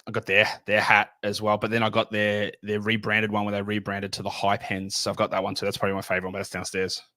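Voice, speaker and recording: A man's voice: fairly low pitch, monotone, fast, pushed and bright, dry recording. A middle-aged man chatting as a podcast guest, rambling and repeating words as he jokes around. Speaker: guest analyst. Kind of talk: casual podcast chat.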